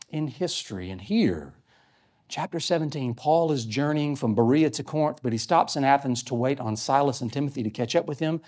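A man's voice: medium pitch, darkish tone. Earnest male pastor teaching scripture. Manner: earnest, explanatory, reads scripture aloud. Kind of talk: sermon teaching.

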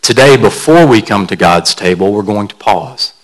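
A man's voice: fairly low pitch, expressive, moderate pace, low-quality recording. A man pastor delivering a sermon in a conversational, storytelling way, carefully explaining word meanings like a teacher.

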